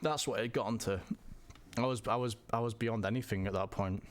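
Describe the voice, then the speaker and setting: A man telling a personal story in a halting way, often repeating words and restarting. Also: fairly low pitch, steady tone. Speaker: vlogger.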